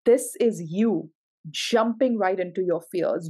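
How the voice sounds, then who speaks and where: Tarot reader, female, effusive and emotional, calls out cards with excited exclamations. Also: mid-range voice, takes it slowly, slightly rough. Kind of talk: tarot reading to camera.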